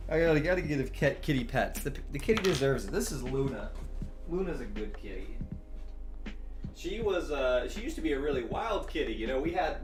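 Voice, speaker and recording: A young man in a relaxed, chatty mood, talking with his stream audience while he sketches. His voice sits at an ordinary pitch but moves around a lot, rising and falling as he goes, and he laughs easily between thoughts. A faint music bed plays under him. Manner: relaxed, chatty, laughs often, answers chat. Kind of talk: casual chat while drawing on stream.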